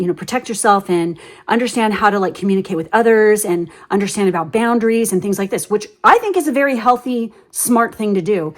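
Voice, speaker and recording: A woman giving a casual tarot reading, telling stories bluntly with lots of swearing, "like" fillers and sudden animated outbursts. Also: medium pitch. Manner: blunt, ranting, swears freely; animated storyteller with many fillers. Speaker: tarot reader.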